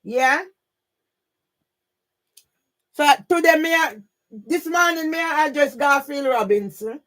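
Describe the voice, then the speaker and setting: A woman with a Jamaican accent ranting on a live stream, emphatic, often shouting and swearing, with frequent questioning tags. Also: high-pitched, moderate pace. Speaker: YouTube livestreamer.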